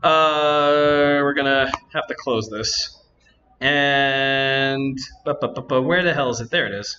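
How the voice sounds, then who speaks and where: A man's voice: mid-range voice, slow pace, sharp tone, highs cut off, slight background noise. A man hosting a convention panel, chatting to the audience and thinking aloud as he works. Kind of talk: live demo to an audience.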